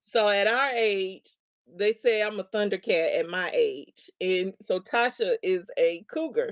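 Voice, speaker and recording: A woman's voice: medium pitch, measured pace. A middle-aged woman hosting a show, casually telling a funny story and laughing often as she talks. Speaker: host.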